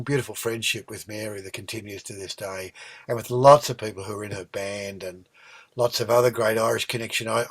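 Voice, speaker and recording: An Australian man in his sixties, a singer-songwriter guest, telling long rambling stories with many ums and restarts. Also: medium pitch. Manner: warm rambling storyteller, many ums and restarts, lively when recounting. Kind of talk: relaxed storytelling conversation.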